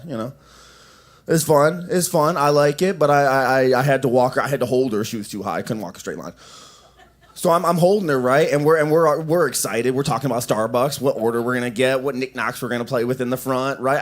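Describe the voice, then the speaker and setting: A young man doing open mic stand-up in a coffee shop, rambling with lots of restarts and fillers. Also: mid-range voice. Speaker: stand-up comedian.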